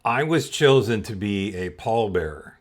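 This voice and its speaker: A man's voice: lowish voice, expressive, measured pace. Chuckling man telling a funny story. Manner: chuckles often while telling. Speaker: podcast host. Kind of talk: comedic personal storytelling.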